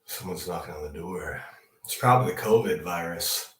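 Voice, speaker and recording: A man's voice: sits low, moderate pace. A young man hosting a comedic news show, rambling through profane stories with frequent laughter. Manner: profane, laughing, animated storytelling. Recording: echoey room, distant mic.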